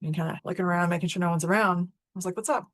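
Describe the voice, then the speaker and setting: A woman's voice: lowish voice, flat delivery, very fast, dry recording. A woman hosting a spiritual talk, telling a personal story in an earnest, candid, conversational way. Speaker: host.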